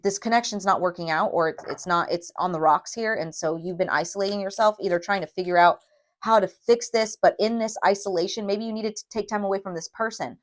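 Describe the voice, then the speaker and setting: A woman giving a tarot reading to viewers, emphatic and emotional, often checking in with a quick "okay?". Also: medium pitch. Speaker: tarot reader.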